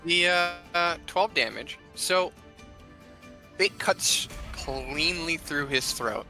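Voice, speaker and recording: Game master, male, unhurried scene narration, bright forceful tone. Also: a little high, expressive, faint music behind. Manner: slow, deliberate narration.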